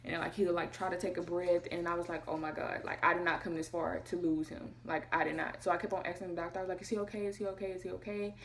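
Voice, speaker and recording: A young woman telling a personal story to her camera, talking fast and acting out what people said. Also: fairly low pitch, flat delivery, slight background noise. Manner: fast, emotional retelling, acting out quotes. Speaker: vlogger.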